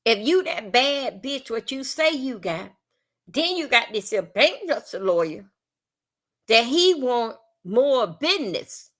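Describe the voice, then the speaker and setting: Very animated yet slow, her fairly bright voice on the high side fills a live-stream commentary rant. She's a Southern-accented Floridian who swears bluntly, rambles, and repeats herself.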